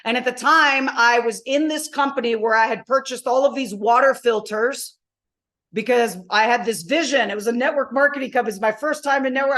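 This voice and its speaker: A high-voiced woman coach leads a live online masterclass. She tells her stories with emphatic, animated energy, and her voice comes through a video call. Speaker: motivational coach.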